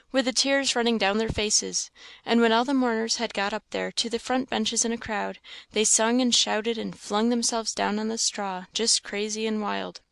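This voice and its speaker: Gravelly-voiced woman reading an audiobook. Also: a little high, no room sound. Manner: steady storytelling reading. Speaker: audiobook narrator. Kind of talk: audiobook narration.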